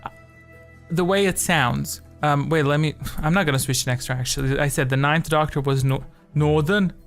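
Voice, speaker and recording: A man's voice: on the high side, fairly even intonation, normal speed, creaky, a bit bright, soft background music. Rambling, chatty male quiz streamer. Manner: rambling, chatty, jokey asides. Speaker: streamer hosting a quiz game. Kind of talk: casual live-stream chat.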